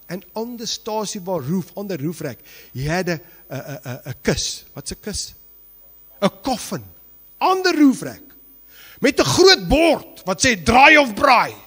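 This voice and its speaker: South African pastor, high voice, lively sermon, hushed to shouting, church reverb. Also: male voice. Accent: South African English. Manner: animated storytelling, swings from hushed to shouting. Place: church hall. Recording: long hall reverb.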